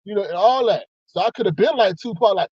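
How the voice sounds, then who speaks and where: Male host, high voice, lively casual storyteller, dry dull recording. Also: fast, breathy edge, no room sound. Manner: animated, acts out both sides with excited high jumps. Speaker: host telling a story to viewers. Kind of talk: casual storytelling to a live audience.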